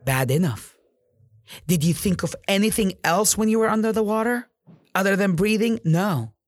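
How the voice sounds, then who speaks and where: A man's voice: high voice, normal speed, no room sound, clean studio sound. A man in real estate giving an intense, profane motivational monologue, repeating himself for emphasis.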